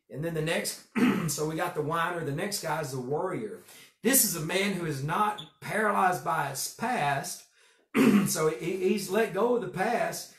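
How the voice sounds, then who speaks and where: A middle-aged man, a pastor, preaching a men's devotion with emphatic repeated phrases, going quiet for personal stories. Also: fairly high pitch. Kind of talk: men's group devotion sermon. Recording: echoey room.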